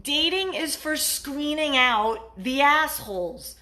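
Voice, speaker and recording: A woman's voice: high voice, lively intonation, slow, sharp tone. A woman dating coach giving blunt, profane relationship advice in a casual vlog monologue, acting out what partners say.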